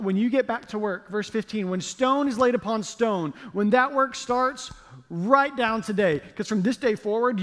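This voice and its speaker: A male pastor preaching a sermon, telling the story with playful jokes and acted-out asides. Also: high voice. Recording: long reverb of a large hall.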